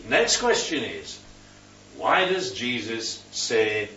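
A man's voice: fairly high pitch, expressive, normal speed, fairly bright tone, a little hiss or hum. A man leading a Bible study, teaching and quizzing the group with questions. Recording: roomy, distant, dull sound.

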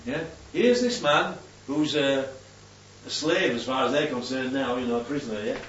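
A man's voice: medium pitch, normal speed, fairly bright tone. A man preaching a Bible sermon in a conversational way, often checking in with "yeah?". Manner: conversational, keeps asking "yeah?". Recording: distant, roomy, dull recording with faint hum.

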